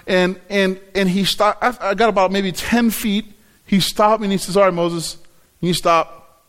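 Male pastor, middle-aged, high voice, storytelling sermon delivery with acted-out asides. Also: normal speed. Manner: storytelling, acts out his own reactions.

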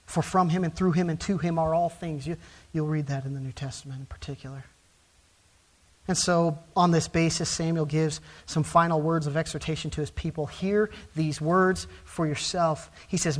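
Male pastor, sermon delivery, emphatic, soft then loud, rising to fervent peaks. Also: a little high, steady tone, moderate pace. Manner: emphatic preaching with wide swings from soft to loud.

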